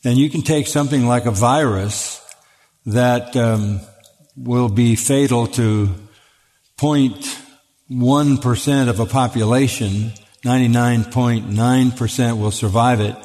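A man's voice: mid-range voice, fairly even intonation, slow, a little mellow. An older man, a pastor answering questions in a sermon-style talk, speaking earnestly and with emphasis, often repeating words as he starts a thought. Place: church auditorium. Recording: long reverb of a large hall.

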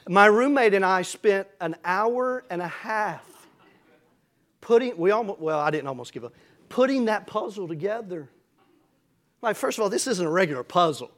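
A man's voice: high voice, animated, moderate pace, fairly bright tone. A middle-aged man preaching a folksy, storytelling sermon that builds to emphatic passages. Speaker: pastor.

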